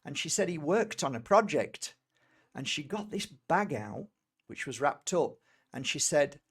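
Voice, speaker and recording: A man's voice: fairly high pitch, very animated, unhurried, fairly bright tone, slightly rough. A middle-aged man from Britain, an energy healer, telling a personal story in a rambling way, with many fillers and restarts. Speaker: energy healer and tarot reader.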